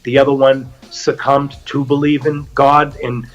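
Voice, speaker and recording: A middle-aged man with a Boston accent speaks at medium pitch and a measured pace. He's an actor guest in casual chat, an animated storyteller who acts out the quotes he tells.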